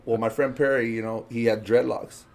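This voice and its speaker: A man telling a story as a podcast guest, casual and animated, laughing and acting out other people's lines. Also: mid-range voice, moderate pace, gravelly. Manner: animated, laughing, acts out quotes.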